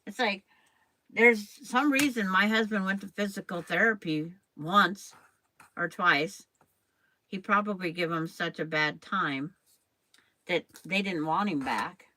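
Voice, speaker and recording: Slow, chatty older woman quilter. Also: fairly low pitch, pushed and bright, rough recording. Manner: rambling, chatty, addresses viewers by name. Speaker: quilting channel host. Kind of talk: casual chat while sewing on a live stream.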